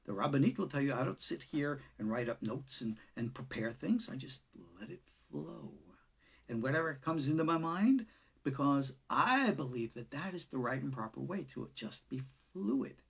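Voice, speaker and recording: A man, a rabbi, giving an unscripted lesson in an expressive way, swinging between loud and soft and chuckling now and then. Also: medium pitch, normal speed, creaky, breathy edge. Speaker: rabbi teaching Kabbalah. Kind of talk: unscripted lecture.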